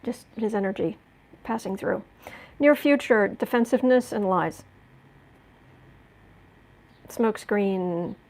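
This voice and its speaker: A woman's voice: mid-range voice, slow, creaky, long pauses, a little mellow. A woman giving a casual tarot reading, musing aloud and often restarting or repeating words. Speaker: tarot reader.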